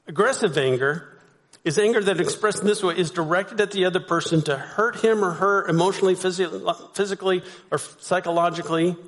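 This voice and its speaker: A man preaching a sermon as pastor, talking to the congregation conversationally and asking them rhetorical questions. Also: high-pitched. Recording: long hall reverb.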